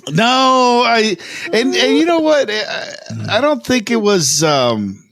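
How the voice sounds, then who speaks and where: A man's voice: extremely high pitch, very animated, slow pace, a crowd in the background. A man co-hosting a podcast in casual chat, laughing often, swearing and restarting his sentences. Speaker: podcast co-host.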